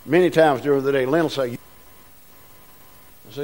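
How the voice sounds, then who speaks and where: A man's voice: mid-range voice, expressive, unhurried, long pauses, a bit bright. A man preaching a sermon as pastor, folksy and rousing, calling out to the congregation. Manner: folksy, call-and-response preaching with rising bursts.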